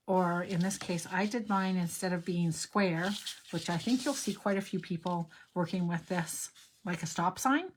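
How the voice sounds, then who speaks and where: An older woman leads a card-making tutorial, chatting in a rambling way and sliding into stories from her own life as she crafts. Her voice is on the low side with a fairly bright tone, and the recording has a little hiss or hum.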